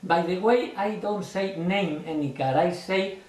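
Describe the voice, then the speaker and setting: A man with teaching a card trick, explaining in a lively, expressive way and acting out his stage patter. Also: a little slow, echoey room. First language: not English. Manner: expressive, acts out his stage patter with big jumps in pitch. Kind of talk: explanatory lesson.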